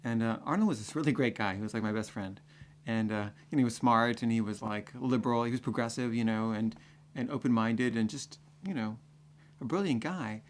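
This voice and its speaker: A man's voice: mid-range voice, a little fast, a little hiss or hum. A man telling a personal story in a conversational way, full of fillers. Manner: conversational, full of fillers, builds to excited acting-out.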